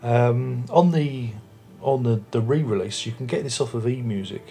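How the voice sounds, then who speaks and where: A music review vlogger sits in a home room with a record player and speakers, casually chatting about an album. He's a man with a mid-range, warm voice at a moderate pace, rambling and chatty with many restarts.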